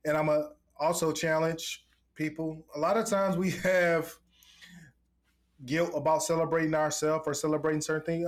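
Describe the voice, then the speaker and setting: A man's voice: on the high side, fairly even intonation, normal speed. Upbeat joking man podcast co-host. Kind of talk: casual chat.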